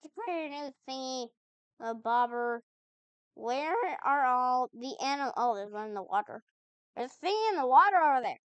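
Woman, high voice, chatty gamer commentary, bemused back-talk, dead-dry sound. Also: expressive, normal speed, a bit bright, clean tone, no echo, lo-fi sound. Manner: chatty, puzzled, talks back to the game. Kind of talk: let's-play commentary.

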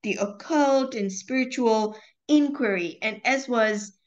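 A woman who hosts and writes books, talking in a lively, animated way and laughing often as she acts out her own thoughts. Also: fairly high pitch, takes it slowly, muffled recording. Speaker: author and show host. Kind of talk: conversational interview.

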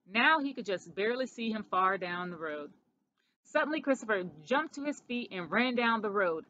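Expressive woman reading a children's story. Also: medium pitch, normal speed, no room sound. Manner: expressive, with small slips. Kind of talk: storybook read-aloud. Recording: dull lo-fi recording.

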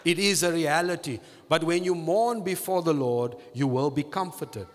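A man preaching a sermon as pastor, repeating phrases and stretching key words slowly for emphasis. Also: on the high side, in a large hall.

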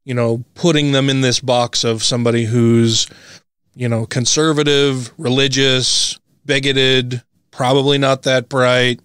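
A man from Utah co-hosting a podcast in easygoing chat. He speaks at a mid pitch, bluntly and with plenty of swearing, and laughs often. The recording is dry and close. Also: flat delivery, unhurried, fairly bright tone, smooth, dry recording. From Utah, USA. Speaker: podcast co-host.

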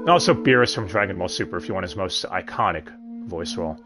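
A man hosts a relaxed review stream, chatting freely and tossing in jokes along the way. His pitch swings widely as he talks, and clear music plays behind him. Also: quick pace. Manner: chatty, with joking asides. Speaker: host. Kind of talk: casual review commentary. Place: home streaming setup. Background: background music.

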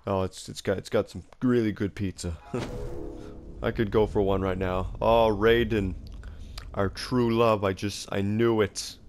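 A man's voice: fairly low pitch, fairly even intonation, unhurried. A man from Tucson, Arizona, doing casual commentary while playing a fighting game, yelping and laughing as he plays. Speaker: gaming video creator. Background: loud fighting game music and sound effects.

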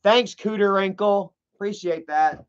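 A man's voice: sits high, a little slow, clear, resonant tone. A man hosting a livestream, ranting in a profane, rambling way with lots of fillers. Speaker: livestream host. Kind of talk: livestream commentary. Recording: muffled lo-fi audio.

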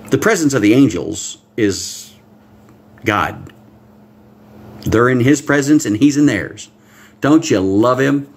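A man preaching a livestream Bible-code sermon, excitable, swinging between hushed asides and loud exclamations and talking straight to his viewers. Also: medium pitch, breathy edge. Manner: talks directly to viewers, reads out comments. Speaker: pastor.

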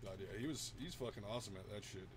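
Male streamer, relaxed banter mid-game, very animated intonation, salty language. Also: on the low side, quick pace, background noise. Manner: laid-back, swears often, laughs a lot. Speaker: gaming streamer. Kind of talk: casual chat while gaming.

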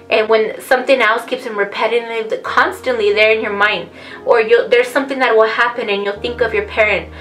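A woman with a fairly high voice talks straight to her viewers in a personal vlog, earnest and rambling, often calling them "you guys." She speaks softly and slowly, close to tears. Faint music plays underneath. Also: low-quality recording. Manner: soft, slow delivery near tears. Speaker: vlogger. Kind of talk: personal vlog talk to camera. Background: faint background music.

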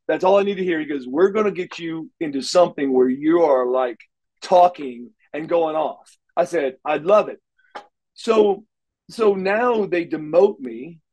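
A man telling wrestling stories in a casual interview, animated and acting out quotes, stumbling over repeated words. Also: on the high side, rough recording. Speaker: wrestler guest.

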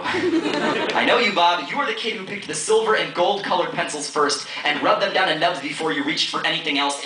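A man's voice: sits high, pushed and bright. Theatrical man performing spoken word live. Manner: rhythmic, theatrical, teasing. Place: college stage before an audience. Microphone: audience camera from far off. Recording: distant, echoey hall with audience noise.

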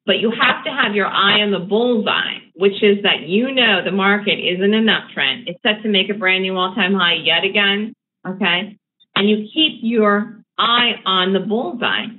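A woman running a live trading webinar, teaching chart patterns in a brisk, emphatic, conversational way. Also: mid-range voice. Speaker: day trading educator. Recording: tinny phone-like line with faint noise.

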